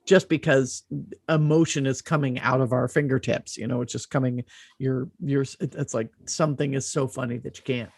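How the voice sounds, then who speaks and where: A woman's voice: a bass voice, fairly even intonation, moderate pace, a little mellow, husky, no echo. A woman co-hosting a casual chat, explaining her view at length and playing out little quotes. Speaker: podcast co-host.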